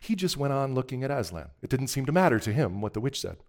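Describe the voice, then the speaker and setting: A man's voice: medium pitch, very animated, quick pace, darkish tone. A man preaching a sermon and retelling a story in a conversational way, with asides to his listeners.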